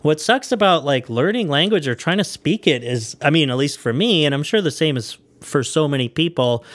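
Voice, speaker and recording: A man's voice: mid-range voice, a bit bright. A man co-hosting a podcast in loose, rambling casual chat, full of fillers and frequent laughter. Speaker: podcast co-host.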